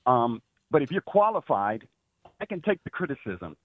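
A man's voice: mid-range voice, big pitch swings, normal speed, no room sound. Guy calling into a talk show over a phone line, sounds tinny, talks serious and critical. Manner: earnest, critical, restarts sentences. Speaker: caller. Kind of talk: phone call to a radio show.

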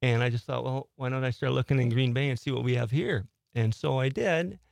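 A man in his sixties, a ghost tour guide, telling stories quietly in a studio interview and laughing often. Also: mid-range voice, a little fast, gravelly, no room sound. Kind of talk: casual interview storytelling. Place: radio studio.

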